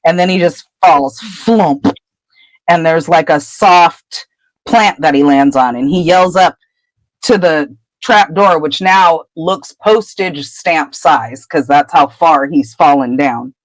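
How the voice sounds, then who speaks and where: Woman co-host, lowish and dry, chatty recap storyteller who acts out quotes. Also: slow pace, no room sound, poor audio. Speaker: podcast co-host. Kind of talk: casual book chapter recap.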